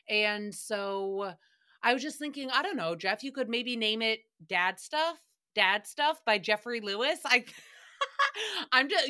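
A woman's voice: mid-range voice, sharp tone. A woman hosting a casual solo recap podcast, chatty and profane, often breaking into laughter. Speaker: podcast host.

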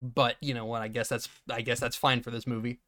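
A man's voice: mid-range voice, a little fast. A man casually recaps a film on a podcast in an ordinary mid-range voice. He acts out the characters' lines and breaks into laughter often. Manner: animated retelling, acting out lines, laughing often. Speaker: podcast co-host. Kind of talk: casual movie recap chat.

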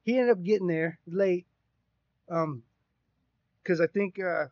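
In a high-pitched voice and at a slow pace, this podcast co-host animatedly rambles through a profane story in a casual way. There's no room sound, leaving the recording dry and slightly dull.

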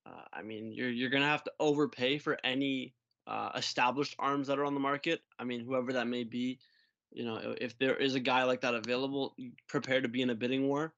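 A man co-hosting a sports podcast, speaking casually with hesitant pauses and restarts. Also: medium pitch, fairly even intonation, a bit bright, highs cut off. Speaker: podcast co-host.

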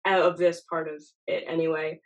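A young woman hosts a podcast with a nasal voice that sits a little low for her. She talks in loose, rambling, self-deprecating chat. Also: little pitch movement, brisk, muffled recording. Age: young adult. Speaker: podcast host. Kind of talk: casual chat.

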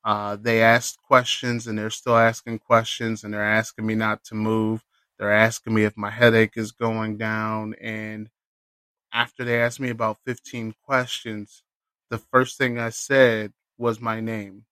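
A man hosting a solo podcast, telling a personal story in a casual, profane and animated way. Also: lowish voice, a little slow, smooth, dry recording. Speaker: podcast host.

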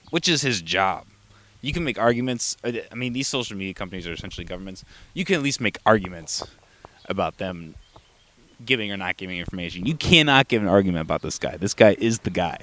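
A young man with a lowish voice rambles through a casual solo podcast, dropping curses and restarting his sentences. He is coming down with a cold, and his talk stays loose and unpolished. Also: no room sound. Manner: profane, rambling, with frequent restarts and fillers. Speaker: podcast host.

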